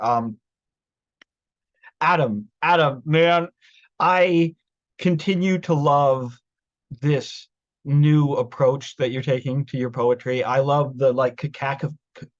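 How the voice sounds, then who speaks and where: A man hosting a reading event, gushing excitedly and stumbling over his words, swearing freely. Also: medium pitch, dull audio. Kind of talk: casual enthusiastic chat.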